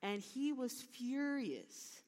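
A woman giving a sermon, retelling a parable with lively storytelling and acted-out lines. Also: fairly high pitch, very slow. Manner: animated storytelling with acted-out dialogue. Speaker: preacher. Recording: long hall reverb.

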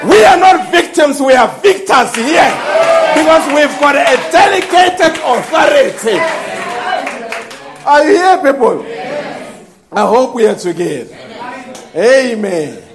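A man preaching a fervent sermon, breaking into shouts and laughing exclamations as he calls for responses. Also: very high-pitched, sing-song, measured pace, a crowd in the background, background noise.

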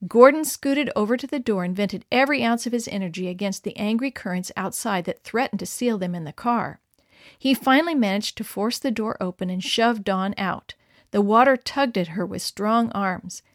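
A woman narrating a story in a clear, expressive read-aloud manner. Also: mid-range voice, normal speed, no echo, studio quality. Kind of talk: scripted narration.

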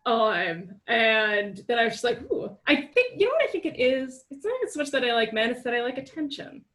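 A woman's voice: on the high side, big pitch swings, brisk, fairly bright tone. A woman in her thirties chatting casually, candid and playful, laughing easily. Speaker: writer and reporter. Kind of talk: casual chat.

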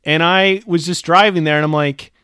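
A young adult man telling a personal story in a chatty, animated way, full of casual fillers. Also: on the high side, normal speed, smooth, dry recording, studio quality.

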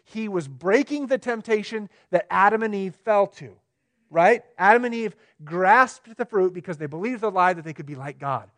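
A pastor preaching a sermon, swinging between emphatic, raised lines and quiet, low ones, often checking in with the congregation. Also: male voice, animated, moderate pace. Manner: asks the room questions, conversational.

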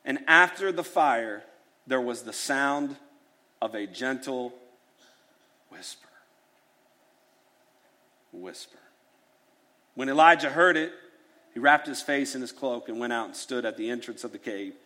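A man preaching a sermon, acting out prayers and Bible scenes in an animated way. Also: medium pitch, normal speed. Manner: animated, dramatizes prayers with rising voice. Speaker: pastor.

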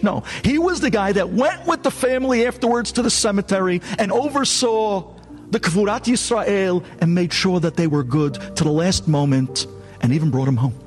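High-voiced rabbi telling a moving story. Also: male voice. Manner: animated, dramatic storytelling. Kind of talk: storytelling sermon.

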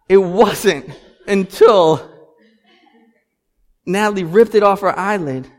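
High-voiced pastor preaching in a reverberant hall. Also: male voice, very slow, pauses often. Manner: animated, building to loud emphatic peaks. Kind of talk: sermon. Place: church sanctuary.

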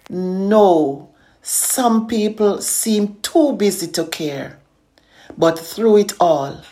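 A middle-aged woman slowly reciting a devotional poem, earnest and consoling. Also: mid-range voice, darkish tone. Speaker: poet and inspirational speaker.

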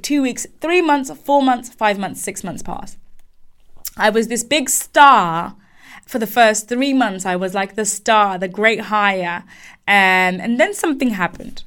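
A young woman talks through career advice in an animated, storytelling manner. She repeats phrases for emphasis and restarts her sentences as she goes. Her voice sits in the middle of the range. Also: mid-range voice. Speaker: career coach. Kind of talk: advice monologue with personal story.

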